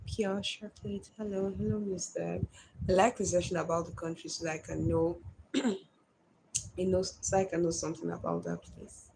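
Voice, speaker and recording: A Nigerian woman hosts a relaxed live stream, reading out viewer comments and answering them in a chatty way. Her voice sits lowish and has a gravelly edge. Faint noise runs under the recording. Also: normal speed. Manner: chatty, greets viewers by name.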